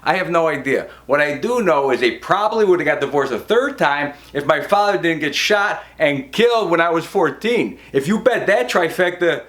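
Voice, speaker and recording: A man in his fifties from Cleveland doing a stand-up comedy set, telling wry stories with quick asides. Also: expressive, fairly bright tone. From Cleveland, Ohio. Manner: wry storytelling, quick asides, drops low for quoted voices.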